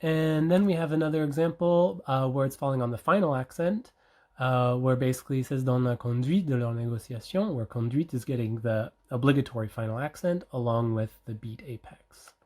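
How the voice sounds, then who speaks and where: At a conference, a researcher presents a study in a brisk, mid-pitched, even-toned voice. The delivery is explanatory and frequently broken by ums, uhs and self-corrections.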